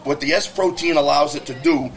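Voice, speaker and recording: Brief: male podcast guest, higher-pitched, fast heated profane rants. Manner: heated, profane storytelling rant; quick, emphatic talk. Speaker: guest, business owner. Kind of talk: casual podcast conversation.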